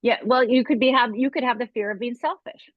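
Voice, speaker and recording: A woman's voice: on the high side, fairly even intonation, brisk, dry recording. A woman coach in an interview, talking emphatically and acting out anxious inner voices, often asking "right?". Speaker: fear coach guest. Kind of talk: interview conversation. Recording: dull lo-fi call audio.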